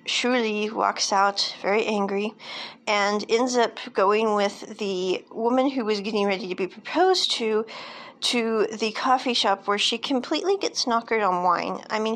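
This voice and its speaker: A woman's voice: mid-range voice, normal speed, creaky, fairly bright tone. A woman casually recapping a film's plot, rambling with lots of fillers and side comments. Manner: rambling, chatty, many fillers and asides.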